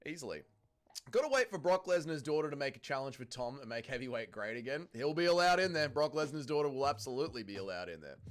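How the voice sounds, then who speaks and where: A man's voice: mid-range voice, fast. A man from Melbourne with an Australian accent, hosting a casual livestream and joking through viewer comments. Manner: joking, crude, lively banter with chat. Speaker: livestream host.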